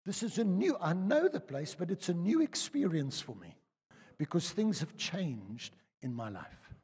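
An older South African man preaching a sermon, telling personal stories in a chatty way that swings between loud and hushed. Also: fairly high pitch, unhurried, husky. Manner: conversational storytelling, lively swings from loud to hushed. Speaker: pastor. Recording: reverberant church hall.

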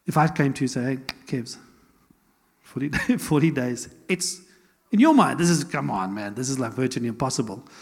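A man preaching in a conversational, animated way, tossing in rhetorical questions and laughs. His voice is fairly high and a little husky. The sermon rings out with the long reverb of a church hall. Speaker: pastor.

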